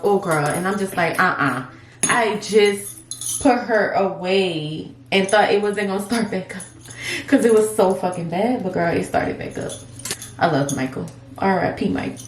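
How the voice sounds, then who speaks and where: A young woman vlogging while styling a wig at home, talking candidly and swearing freely in casual girl-talk. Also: medium pitch. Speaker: beauty vlogger. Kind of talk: casual chatty vlog. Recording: echoey room with faint noise.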